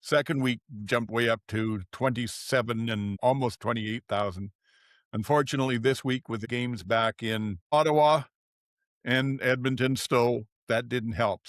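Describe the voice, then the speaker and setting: A man's voice: mid-range voice, fairly bright tone, no room sound. Easygoing guy running a football podcast, dry close mic. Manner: affable, agreeing, steers the talk. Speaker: podcast host. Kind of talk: casual sports chat.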